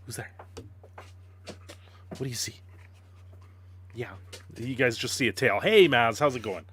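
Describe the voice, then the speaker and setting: A man's voice: medium pitch, unhurried. A man casually chatting on a live stream, greeting viewers and playing with his dog, laughing often. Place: home.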